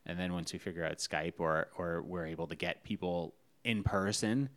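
A man's voice: low voice, moderate pace. A man co-hosting a podcast in casual chat, dry and teasing. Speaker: podcast co-host.

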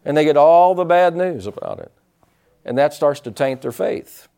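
A male pastor preaching a sermon, animated, acting out quotes and calling for responses from the congregation. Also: on the high side, normal speed, gravelly.

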